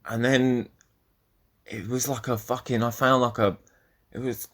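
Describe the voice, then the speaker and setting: A man's voice: medium pitch, fairly even intonation, a little slow. A young man hosting a solo podcast, rambling and swearing as he talks, often cutting himself off mid-sentence. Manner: rambling, profane, self-interrupting. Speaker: podcast host.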